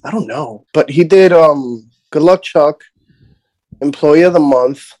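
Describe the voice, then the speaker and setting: A man's voice: a little high, a little slow, a little mellow, dry recording. A man in casual chat, rambling and profane, often restarting his sentences.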